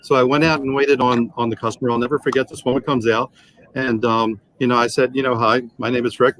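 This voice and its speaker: A man in his sixties, a sales trainer, telling animated anecdotes and acting out the dialogue in a podcast interview. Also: medium pitch, fast, rough recording. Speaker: guest, automotive sales trainer.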